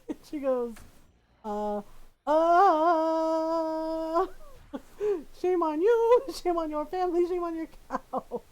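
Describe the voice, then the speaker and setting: A middle-aged woman streamer telling a family story in casual chat, laughing often and acting out what people said. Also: high voice. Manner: animated, laughs often, acts out quoted voices.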